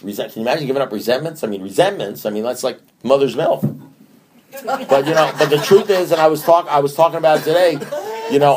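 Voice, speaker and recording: A man speaks to a group about staying sober in an earthy, emphatic way. He circles back and repeats phrases to drive each point home. His voice sits at an everyday middle pitch. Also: darkish tone. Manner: conversational, repetitive, earthy and emphatic. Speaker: recovery meeting speaker. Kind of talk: recovery talk to a group.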